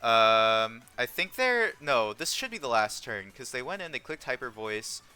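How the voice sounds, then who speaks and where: Young male game commentator, very bright and crisp tone, talks through each move with ums, faint music underneath. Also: medium pitch, sing-song, unhurried. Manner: thinks aloud with frequent ums. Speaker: competitive game player. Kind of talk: live gameplay commentary.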